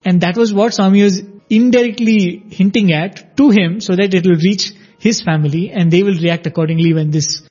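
Male storyteller with a high, dark, husky voice; lively, acts out quotes. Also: moderate pace, hardly any pauses. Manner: animated, acts out quoted dialogue. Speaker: storyteller sharing a devotional anecdote. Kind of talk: conversational spiritual storytelling. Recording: dull lo-fi audio.

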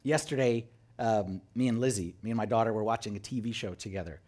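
A man preaching a sermon as a priest. He talks in an animated way, acts out the voices he quotes and swings from loud to hushed. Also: lowish voice, quick pace.

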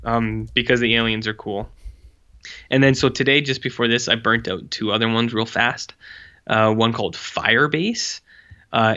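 Bright, rambling sarcastic man, dull audio. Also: mid-range voice. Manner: rambling, sarcastic, heavy use of "like". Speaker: podcast co-host reviewing short films. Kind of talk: casual chat.

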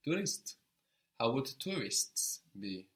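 A man's voice: medium pitch, big pitch swings. A man teaching a language lesson, patient and encouraging, prompting a student step by step. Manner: patient, encouraging, slow and deliberate.

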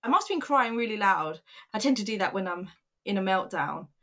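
A woman's voice: medium pitch, expressive, a little fast, pushed and bright. Candid young woman telling her story. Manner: candid, earnest, emotional retelling with quoted voices. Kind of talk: personal storytelling vlog.

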